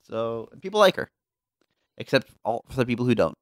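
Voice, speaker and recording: A young man hosts a gaming podcast in a casual, chatty way, ribbing himself and his friends. His mid-pitched voice is recorded close and dry, with no room sound around it. He often trips over his words and restarts. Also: sing-song, brisk, no room sound. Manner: joking, self-mocking, with frequent restarts. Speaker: podcast host.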